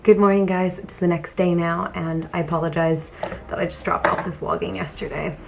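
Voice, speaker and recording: Young woman, casual home vlog, chatty, laughs a lot, slightly low voice, faint hiss behind. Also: flat delivery, brisk, gravelly. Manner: chatty, laughs often, trails off into soft murmurs. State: teary from crying. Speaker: vlogger. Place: home, indoors.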